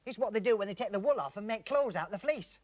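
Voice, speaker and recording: A man fronts a comedy sketch as the patient one who explains everything. His voice runs fairly high and moves up and down a lot as he talks. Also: expressive, fast talker, a little mellow, no echo. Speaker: comedy presenter. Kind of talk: comic double-act patter.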